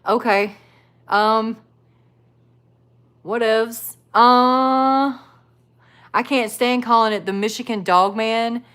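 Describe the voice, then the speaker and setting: A woman's voice: fairly high pitch, steady tone, slow pace, pauses often, fairly bright tone. A woman with a Southern US accent chatting casually and bluntly on a live stream, full of "like" and "you know". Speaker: live streamer reacting to videos and chat.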